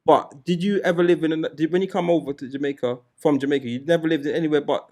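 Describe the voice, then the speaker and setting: Man, slightly higher voice, podcast host, casual chat, laughs and exclaims. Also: fast. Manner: relaxed, chatty, laughs and exclaims while telling stories.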